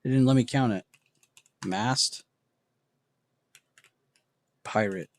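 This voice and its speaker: A man's voice: medium pitch, takes it slowly. A man hosting a casual livestream, muttering word guesses to himself and reacting to chat with self-mocking remarks. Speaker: livestream host.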